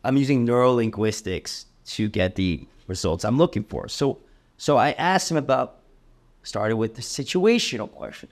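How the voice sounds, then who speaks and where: A man's voice: medium pitch, expressive, moderate pace. A young man leads a sales training session with energy and emphasis. He keeps acting out sample cold call lines to show tone.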